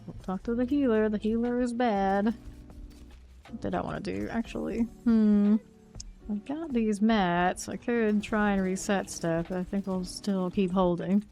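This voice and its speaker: A woman's voice: medium pitch, steady tone, a little slow, creaky, mellow, soft background music. A woman streaming a game live, thinking aloud and calling out enemies as they appear. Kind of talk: live gameplay commentary.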